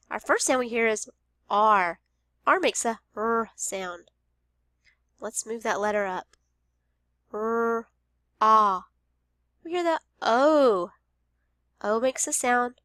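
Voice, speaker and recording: A woman's voice: on the high side, a bit bright, dry recording, studio quality. A woman teaching a phonics lesson to young children, patiently sounding out each letter of every word.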